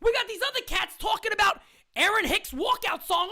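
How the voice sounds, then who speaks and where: Fiery high-pitched woman ranting. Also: animated, a little fast. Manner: fiery, profane, repeats lines for emphasis, often shouting. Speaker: host of a fan live stream. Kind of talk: heated live-stream rant.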